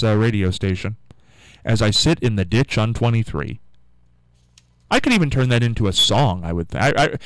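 Man from Ohio, radio host, rambling musing monologue, animated voice, dry studio sound. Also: mid-range voice, dry recording, low-quality recording. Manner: rambling, chatty, musing aloud.

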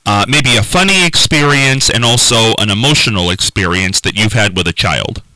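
A man interviewing a guest on a morning show, asking questions in a lively, emphatic way. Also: on the low side, moderate pace, no echo, low-quality recording.

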